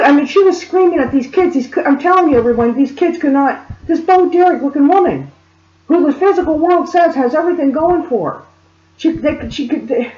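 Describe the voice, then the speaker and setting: A woman speaker telling a story in an animated way and speaking directly to her listeners. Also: high voice, normal speed. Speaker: spiritual reader and speaker. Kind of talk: storytelling monologue. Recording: roomy, dull lo-fi sound.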